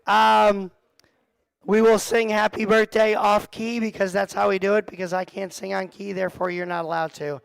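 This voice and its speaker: A man's voice: sits high, flat delivery, normal speed, gravelly, clean tone, dry recording, rough recording. A middle-aged man leading a church youth group, joking and teasing the kids as he teaches, speaking into a mic. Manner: joking, self-deprecating, talks to the kids in the room. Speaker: youth pastor. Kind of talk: casual youth group talk. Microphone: handheld or headset mic.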